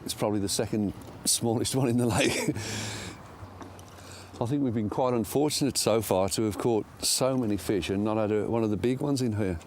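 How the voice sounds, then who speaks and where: A man's voice: lowish voice, normal speed, slight background noise. An older man fishing at a lake outdoors, chatting casually and poking fun at himself as he plays a fish. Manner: self-deprecating, excitable. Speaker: angler co-presenter.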